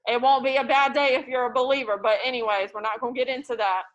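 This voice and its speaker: A woman teaching a math class in a classroom, lively and joking as she tells stories to her students. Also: a little high, fast, dull audio.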